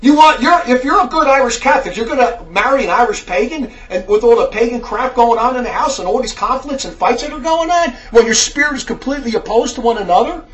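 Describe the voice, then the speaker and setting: A man with a very high voice delivers a scolding, preachy rant straight at one viewer, hammering his points with repeated jabs. He sits a little back from the mic, so the sound is slightly distant. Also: animated, fast talker, hardly any pauses, a bit bright. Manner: berating, preachy, repeats taunts like "buddy boy". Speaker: religious commentator. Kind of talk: angry monologue addressed to a viewer.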